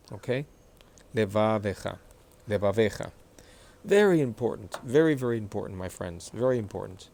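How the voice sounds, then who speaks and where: Patient man teaching reading, low voice. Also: darkish tone. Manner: patient, repeats words slowly for practice. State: clears throat often after recent illness. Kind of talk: explanatory lesson, screen-sharing.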